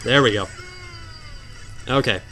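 A man commentating a hard video game, sarcastic and mock-dramatic, swinging from low mutters to sudden outbursts. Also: a little slow, bright, forceful tone, slight background noise. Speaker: gameplay commentator. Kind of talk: let's play commentary.

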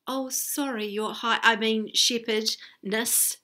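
A woman's voice: high voice, sing-song, unhurried, pitched above the performer's own voice, exaggerated voice. A woman voicing a flustered village man in a read-aloud storybook, stuttering and apologetic.

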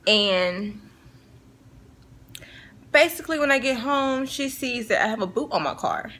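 A young woman vlogging in casual chat, frank and animated, talking with slang. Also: fairly high pitch, measured pace. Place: in a car.

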